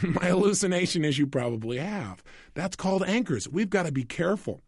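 A man's voice: high-pitched, big pitch swings, husky, dry recording, studio quality. A man teaching a motivational audio program in a conversational way, often asking the listener rhetorical questions. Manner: conversational, acts out little scenes in quick voices. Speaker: self-help coach.

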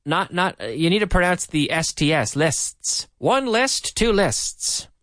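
A man hosts a radio language lesson with a fairly high voice that swoops up and down as he drills sentences. He repeats each line slowly and clearly for his listeners, close to a dry studio microphone. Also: sing-song, a bit bright, no room sound. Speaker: radio English teacher.

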